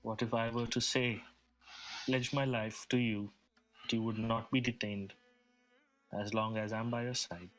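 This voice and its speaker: A man playing a calm, persuasive male desert traveler in a tabletop game, measured and reassuring. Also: fairly low pitch, soft background music.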